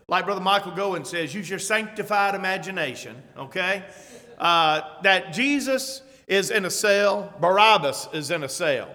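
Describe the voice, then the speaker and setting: A man preaching a sermon in a church, his high, bright voice ringing out with a long hall reverb. He tells a story with dramatic flair, belting out the crowd's cries, then drops back into easy, conversational asides that check in with the congregation. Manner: conversational asides with frequent "okay?".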